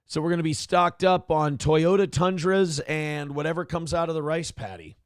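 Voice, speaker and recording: A man hosting a morning show, giving blunt, profane, animated commentary on the news. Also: fairly high pitch, normal speed, clear, resonant tone, no echo, studio quality. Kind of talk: casual political commentary.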